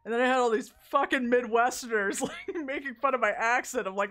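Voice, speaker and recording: A woman's voice: fairly high pitch, a little fast, a bit bright, faint music behind. Chatty, laughing woman streamer. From Southern United States. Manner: chatty, laughs often, swears freely. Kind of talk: casual chat while gaming on stream.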